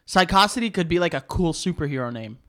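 A man's voice: a little high, lively intonation, fast, fairly bright tone. A young man co-hosting a podcast, rambling casually with lots of fillers and jokes. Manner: rambling, jokey, filler-heavy. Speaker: podcast co-host. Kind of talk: casual chat.

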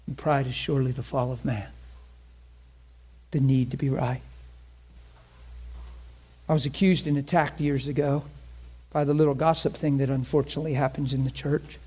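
A man's voice: medium pitch, steady tone, moderate pace, pauses often, husky. Impassioned preacher, man. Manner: impassioned preaching, swings between loud and hushed. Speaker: pastor. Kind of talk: sermon.

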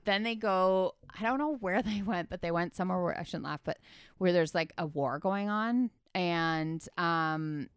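A woman's voice: fairly low pitch, fairly bright tone, clear, resonant tone, no room sound, studio quality. A woman in casual chat, retelling a film scene by scene with lots of fillers and acting out the characters' lines. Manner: chatty, filler-heavy, acts out the characters' lines.

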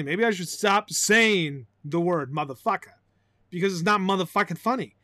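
A high-voiced man rambles through a solo podcast monologue. He is excitable and profane, breaking into loud outbursts and laughter. The sound is dry and close, with no room echo. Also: moderate pace. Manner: excitable, swears loudly, bursts into shouting and laughter. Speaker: podcast host.

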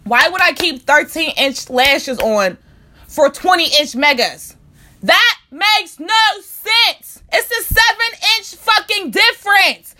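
A woman's voice: sits high, big pitch swings, measured pace, sharp tone. A young woman telling an angry, profane storytime rant about a bad salon visit. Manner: profane, heated, repetitive rant.

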